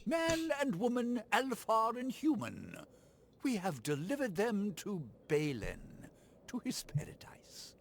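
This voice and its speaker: Creepy cult preacher from a video game, sing-song, slow, drops to whispers, voice slightly high. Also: male voice, wildly swooping pitch, gravelly, exaggerated voice. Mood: zealous. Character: fanatical male cultist missionary, gleefully murderous.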